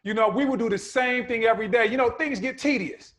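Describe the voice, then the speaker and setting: High-voiced male podcast co-host, animated storyteller, playful. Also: quick pace. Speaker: podcast co-host, former player. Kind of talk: casual podcast chat.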